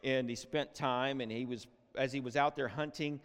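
A man preaching a sermon with emotion, often repeating and restarting words, shifting between loud cries and hushed tones. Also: medium pitch, fairly even intonation, moderate pace, clean tone. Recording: long hall reverb.

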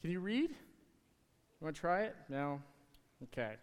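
A man talking to the kids in church, giving a casual, halting object lesson from the stage. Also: fairly high pitch, very animated, smooth. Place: church sanctuary. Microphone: handheld or stage mic. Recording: hall reverb in a sanctuary.

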